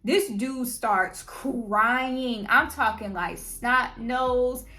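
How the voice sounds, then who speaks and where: A young adult woman telling a personal story on her channel, in a slangy, animated way. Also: a little high, very slow. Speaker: vlogger. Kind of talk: casual storytime.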